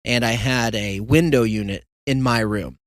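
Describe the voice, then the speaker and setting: A young man talks on his own show in a loose, rambling way, joking and mimicking people as he goes. His voice sits at an ordinary pitch, and the recording is dry and close. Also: normal speed, dry recording. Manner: rambling storyteller, joking asides and mock quotes. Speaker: podcast host. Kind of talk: casual solo monologue.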